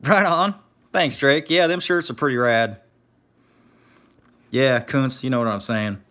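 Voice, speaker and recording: A man's voice: medium pitch, measured pace, a bit bright. Laid-back man telling scrapping stories. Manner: laid-back storyteller, reads chat aloud. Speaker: scrapper streamer. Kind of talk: casual live-stream chat.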